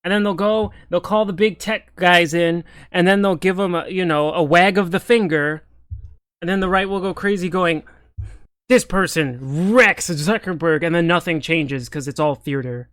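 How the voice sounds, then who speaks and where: A man's voice: high voice, normal speed, a bit bright, smooth, no room sound. A man ranting in political commentary, exasperated, sarcastic and profane.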